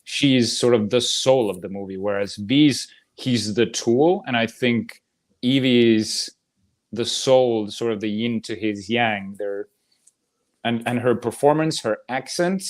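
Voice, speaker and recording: Here a man from the United States, co-hosting a show where movies get debated, talks at a measured pace in a mid-range voice. His delivery is animated and casual, with plenty of swearing and frequent laughter.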